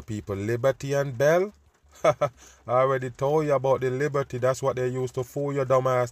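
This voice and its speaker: A man at middle pitch delivers an angry, profane commentary straight into the mic. The room is dry, with no echo. He keeps hammering his listeners with the word people. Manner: loud, preachy and profane, repeatedly calling out "people". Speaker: host. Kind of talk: ranting commentary over news clips.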